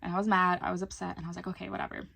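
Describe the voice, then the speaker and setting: A woman's voice: on the low side, level tone, very fast, vocal fry, sharp tone, breathy edge. A young adult woman telling a personal story in a casual vlog, chatty and candid, swearing now and then. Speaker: vlogger.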